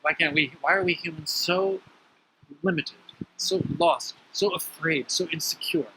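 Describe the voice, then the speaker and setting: A man speaks in a motivational talk, his voice very bright and slightly high. He tells stories with emphasis, and his pitch jumps up suddenly when he gets excited. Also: unhurried, a little hiss or hum, low-quality recording. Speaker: spiritual teacher.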